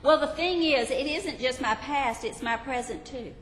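A woman's voice: normal speed, echoey room, in a large hall, a little hiss or hum, close to an everyday voice, low-quality recording. A woman voicing an anxious adult sinner who keeps protesting in a raised, insistent voice. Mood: anxious pleading. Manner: insistent, raised and high-pitched. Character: pleading anxious sinner, adult, self-doubting.

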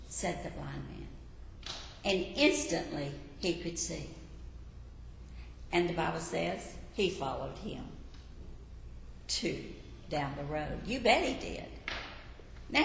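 Middle-aged woman preacher, slow and deliberate, voice ringing through a big echoey hall with faint hum. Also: mid-range voice, vocal fry. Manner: earnest, dramatic storytelling with acted shouts. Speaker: women's ministry speaker. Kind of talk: sermon.

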